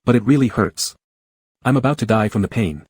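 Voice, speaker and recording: A clingy young male actor who whines and pleads like a child, as a man reads him. The voice sits fairly low with a husky edge. It sounds close and dry. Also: expressive, brisk, darkish tone, dry recording. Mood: pouty whining.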